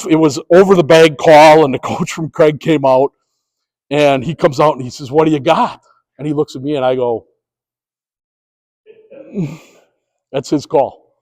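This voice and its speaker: Middle-aged male presenter, higher-pitched voice, storytelling delivery with acted-out umpire calls, speaking to a live room. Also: low-quality recording. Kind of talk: presentation to sports officials.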